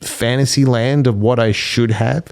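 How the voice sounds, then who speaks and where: A man's voice: medium pitch, steady tone, a little slow, gravelly. A man, a podcast guest and life coach, telling stories animatedly and acting out both sides of each exchange. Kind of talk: animated storytelling in conversation.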